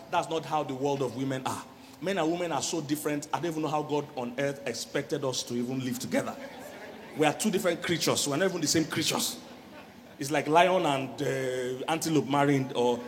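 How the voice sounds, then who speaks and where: A middle-aged man, a relationship coach giving a lively church sermon on marriage, often laughing and acting out voices. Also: fairly high pitch, big-room sound, a little hiss or hum. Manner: animated, laughing, acts out quoted voices.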